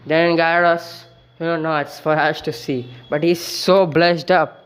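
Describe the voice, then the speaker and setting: A man's voice: a little high, level tone, a little slow, clean tone. A man casually retelling a fan story, rambling with many fillers and self-corrections.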